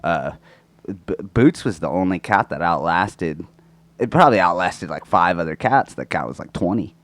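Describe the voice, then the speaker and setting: Rough-throated man in crude casual chat. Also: sits low, expressive, moderate pace, a bit bright, dry recording. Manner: crude, rambling, swears a lot. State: sore throat, coughing. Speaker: podcast co-host. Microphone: close microphone.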